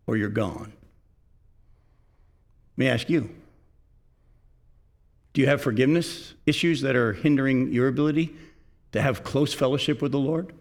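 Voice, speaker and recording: A middle-aged male pastor preaching a sermon, earnest and direct, often putting questions to his congregation. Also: a little high.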